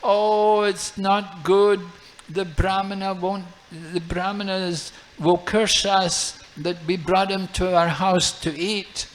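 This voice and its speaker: A man's voice: high voice, little pitch movement, slow, pitched above the performer's own voice. A man doing pleading, apologetic parents. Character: apologetic pleading father and mother.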